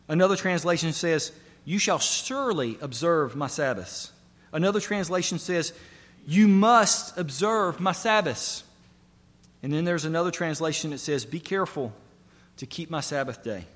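Male pastor, sermon delivery, emphatic and repetitive, a little high-pitched, long church reverb. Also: a bit bright. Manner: earnest preaching with rising emphasis and repetition.

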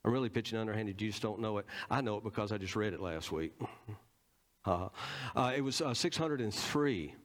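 A man's voice: on the low side, fairly quick. A man with a Southern American accent preaching a teaching sermon in church, stressing points and quizzing the congregation. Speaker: pastor.

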